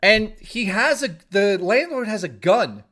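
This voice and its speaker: Higher-voiced man, rambling storyteller. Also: very animated, a little slow, sharp tone. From Toronto, Canada. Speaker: live streamer. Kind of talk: casual live-stream storytelling.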